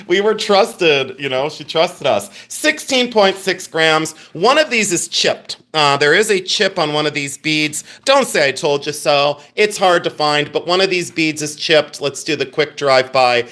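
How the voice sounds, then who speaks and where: A man's voice: fairly high pitch, lively intonation, unhurried, hardly any pauses, sharp tone. A middle-aged man hosting a live jewelry sale, chatting and teasing as he greets viewers by name. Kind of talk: live-stream sales chat.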